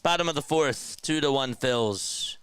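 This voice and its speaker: Bright, crisp young man calling baseball. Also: mid-range voice, a little slow, no room sound. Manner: chatty, laughs often, reads chat aloud. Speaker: play-by-play streamer. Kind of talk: live play-by-play commentary.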